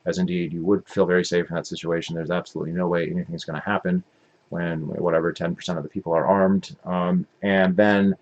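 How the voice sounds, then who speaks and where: A man's voice: low-pitched, little pitch movement, a little fast, a little mellow, lo-fi sound. A man hosting his own podcast, recapping an event in a rambling, opinionated monologue and often correcting himself mid-sentence. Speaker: podcast host.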